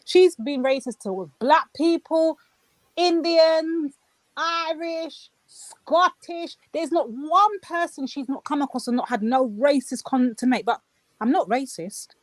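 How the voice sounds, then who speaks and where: A woman's voice: high-pitched, a little slow, no echo. A woman on a live stream, talking in an indignant, exasperated, slangy way. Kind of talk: heated live stream discussion.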